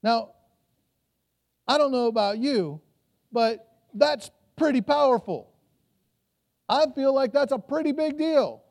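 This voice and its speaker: A man's voice: very high-pitched, lively intonation, slow, long pauses, darkish tone. A pastor preaching a sermon to a church, telling the story and acting out voices from it, often repeating his words as he goes.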